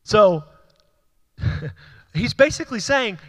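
A man preaching a sermon, building to emphatic peaks and then dropping low, with conversational asides. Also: lively intonation, normal speed, a bit bright, in a large hall. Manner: conversational, with asides and light laughs. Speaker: pastor.

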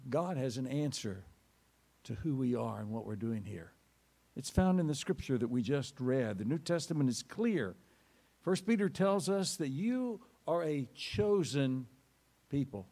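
A man's voice: creaky, dark tone. A man pastor giving a sermon with dramatic storytelling, reading scripture and telling a story. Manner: dramatic storytelling with sweeping pitch swings.

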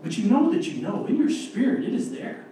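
A man's voice: very high voice, very animated, dark tone, a little hiss or hum. Man preaching in an echoey church. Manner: earnest, emphatic, slows down to stress key words. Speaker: lay preacher. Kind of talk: sermon with scripture reading. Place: church sanctuary. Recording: distant, echoey church room recording.

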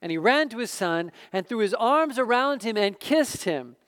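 Man, pastor, sermon, emphatic, smooth resonant voice, repeats phrases. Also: high-pitched, animated, normal speed, a bit bright. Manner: emphatic, repeats words as he builds a point.

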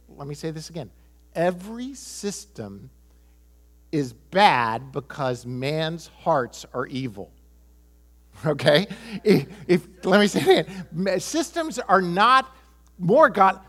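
An American man in middle age preaches with emphasis, driving points home by saying them twice. His voice sits a little high for a man, and he slips in a chuckle and short asides. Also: fairly bright tone. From United States. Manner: emphatic, repeats key phrases, chuckles, quotes people in voices. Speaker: pastor. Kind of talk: sermon.

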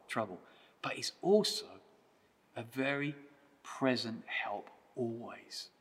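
Earnest preacher in an echoing hall. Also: male voice, mid-range voice, husky. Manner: earnest, rhythmic repetition, quieting to prayer. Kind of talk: sermon. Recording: long reverb of a church hall.

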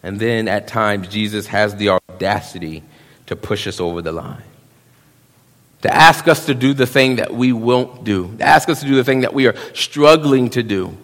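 Preacher guy in his 30s, gets loud then quiet, reverb from a big church hall. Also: fairly low pitch. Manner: animated preaching, swinging between hushed and loud; drops into quick voiced quotes of young men. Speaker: pastor. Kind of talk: sermon.

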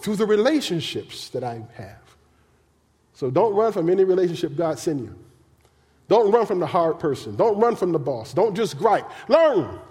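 A male pastor preaching a sermon in a colloquial, animated way, acting out the voices of the people he talks about. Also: on the high side. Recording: long hall reverb.

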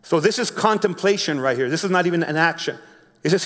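A man preaching a sermon, reading a Bible story slowly and explaining it in his own words with frequent restarts. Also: fairly high pitch, expressive, a bit bright, in a large hall. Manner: reads scripture slowly, then explains with repeated restarts. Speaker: pastor.

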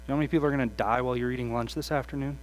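A man preaching a sermon with passion, swinging from hushed asides to loud, animated quoted voices. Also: mid-range voice, rapid-fire, slight background noise, low-quality recording.

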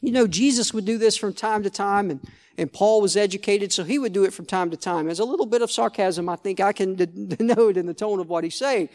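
A man's voice: sits high, fairly quick, a little mellow. A male pastor preaching a sermon, conversational, restarting phrases and asking the congregation "Amen?".

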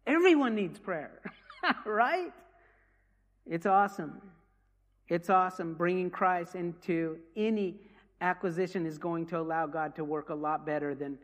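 A man with a high voice tells ministry stories to a congregation in earnest, stumbling over his words and starting again. His voice rings out with a long reverb, as in a large hall. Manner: earnest storytelling with many restarts. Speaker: ministry leader. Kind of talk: testimony talk to a congregation.

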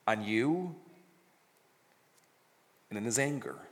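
A man's voice: mid-range voice, measured pace, long pauses, a bit bright. Man preaching in a reverberant hall. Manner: dramatic, jokey scripture reading. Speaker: pastor. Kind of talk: sermon.

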